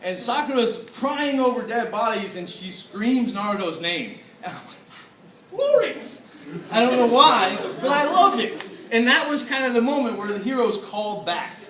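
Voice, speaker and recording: A man giving a lively convention panel talk, excitable, laughing often and acting out his own reactions. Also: very high-pitched, normal speed, hardly any pauses. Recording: echoey room, from far off.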